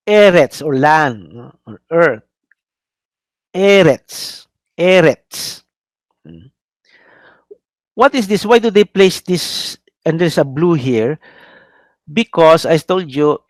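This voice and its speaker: A man's voice: fairly high pitch, dry recording. A man with a Filipino accent, a priest giving a classroom lecture, drilling pronunciation and tagging sentences with "no?", often hesitating with fillers. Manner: hesitant, many "uh" fillers and restarts. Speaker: priest lecturing on biblical Hebrew.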